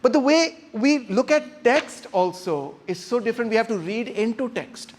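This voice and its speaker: Animated man lecturing without a microphone. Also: very high-pitched, normal speed. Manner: animated and emphatic, acting out intonation examples. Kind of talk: classroom lecture. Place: classroom. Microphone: no microphone, unamplified voice.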